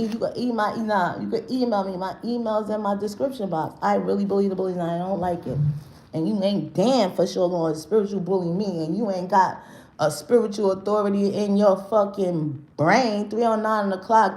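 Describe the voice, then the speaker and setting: A woman's voice: mid-range voice, darkish tone, slight background noise. A woman hosting a livestream, ranting in a brash, profane and confrontational way, rambling with slang and restarts, her voice echoing in the room. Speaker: livestream host. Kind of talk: unscripted livestream rant. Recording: roomy echo.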